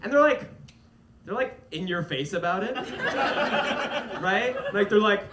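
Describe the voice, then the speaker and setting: A young man doing a stand-up comedy set on stage, with a light, fairy-tale-like voice. He is animated and laughs through his punchlines. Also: sits high, very slow, long pauses. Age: young adult. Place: comedy stage before a live audience. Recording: roomy live venue, loud audience noise.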